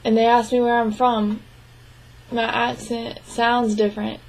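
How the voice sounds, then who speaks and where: A young woman voicing a signed interview aloud, her voice sitting fairly high. She keeps an even, flat tone and breaks her speech into short, halting phrases. She often stops to clear her throat. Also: poor audio. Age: young adult. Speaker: sign language interpreting student.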